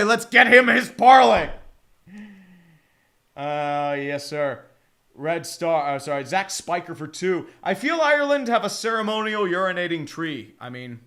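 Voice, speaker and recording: High, bright-voiced profane streamer man. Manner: rambling, profane, chatty with viewers. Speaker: streamer hosting a game watch-along. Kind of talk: casual live-stream chat and play-by-play.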